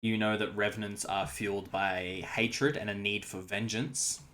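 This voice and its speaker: A man narrating a tabletop game as game master, unhurried and relaxed, with hesitant fillers. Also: fairly low pitch.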